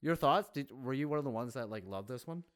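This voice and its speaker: A man co-hosting a movie review podcast, chatting casually and laughing often between quick asides. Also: mid-range voice, lively intonation, clean tone. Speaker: podcast co-host.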